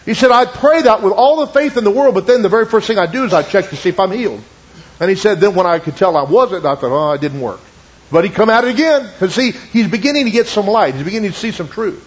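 A man preaching a sermon, retelling a testimony with many asides and quoting it in slow, lowered tones. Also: animated, slightly rough. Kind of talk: sermon storytelling. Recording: dull lo-fi recording.

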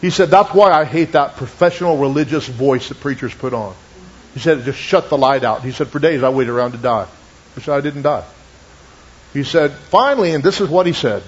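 A man preaching a sermon, retelling a testimony with many asides and quoting it in slow, lowered tones. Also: expressive, breathy edge. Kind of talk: sermon storytelling. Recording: dull lo-fi recording.

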